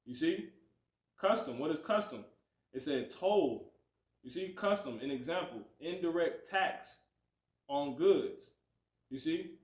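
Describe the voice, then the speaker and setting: A man with a fairly high voice teaches scripture on a livestream, rising and falling as he presses his points and keeps checking in with his listeners. He sounds preachy and talks in loose, repetitive bursts. The sound carries a strong room echo. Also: slow pace, long pauses. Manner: preachy, repeats "you see" and "you know what I'm saying", animated swings. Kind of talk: livestreamed Bible lesson.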